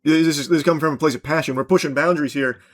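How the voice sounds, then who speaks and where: A man as a sneering company spokesman, mock-cheerful, slightly high-pitched. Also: fairly even intonation, rapid-fire, natural voice. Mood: smug. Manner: sarcastic, mock-salesman pitch. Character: smug corporate spokesman mocking gamers.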